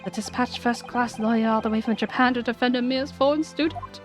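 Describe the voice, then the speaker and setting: A woman's voice: on the high side, steady tone, brisk, music in the background, voice pushed up, close to an everyday voice. Woman doing a nasal, theatrical young prisoner. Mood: gushing. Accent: British, put on. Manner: theatrical, gushing alliteration. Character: dramatic young male foreign student prisoner, nasal, paranoid. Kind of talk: game dialogue read aloud.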